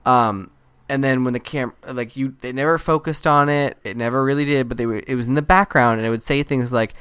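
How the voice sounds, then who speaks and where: Smooth-voiced male podcast co-host. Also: mid-range voice, a little fast, no echo. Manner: storytelling, animated retelling. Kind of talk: casual chat, film review.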